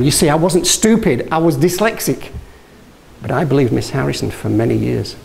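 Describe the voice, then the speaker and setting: A man's voice: mid-range voice, very animated, moderate pace, vocal fry, darkish tone, low-quality recording. A man from Yorkshire giving a motivational talk, telling stories and asking the audience questions, with frequent restarts. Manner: anecdotal, engages audience with questions; restarts and self-corrections. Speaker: guest speaker.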